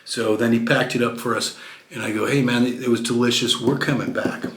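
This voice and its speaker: A man's voice: medium pitch, flat delivery, fairly quick, echoey room, background noise. A man from Texas telling chatty travel anecdotes to camera, with lots of fillers and restarts. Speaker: vlogger. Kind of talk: casual storytelling to camera.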